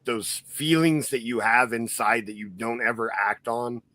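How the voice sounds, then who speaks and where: Bright-voiced man rambling in casual chat. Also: medium pitch, measured pace, no echo. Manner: rambling storyteller, many fillers. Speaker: podcast host.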